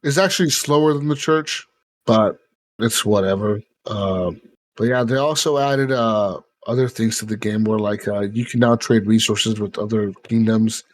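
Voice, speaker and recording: A man's voice: lowish voice, normal speed. A man hosting a podcast in casual chat, rambling with lots of fillers and swearing. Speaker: podcast host.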